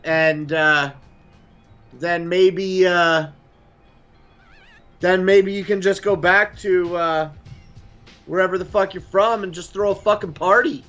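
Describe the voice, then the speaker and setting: A man's voice: high voice, steady tone, slow pace, long pauses, a bit bright, lo-fi sound, soft background music. Foul-mouthed joking man from Canada. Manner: profane, joking, slips into a mock Aussie accent. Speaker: guest. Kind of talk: casual chat.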